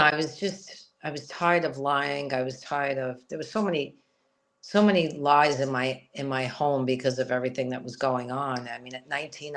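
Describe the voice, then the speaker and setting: Frank woman telling a personal story. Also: extremely low pitch. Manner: frank, rambling, lots of "you know". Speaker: interview guest.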